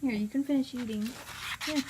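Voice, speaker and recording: A woman's voice: high-pitched, a little fast, noisy background. A woman vlogger at home, cooing to her pets in baby talk and laughing often, then signing off to her viewers. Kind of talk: casual home vlog talking to pets.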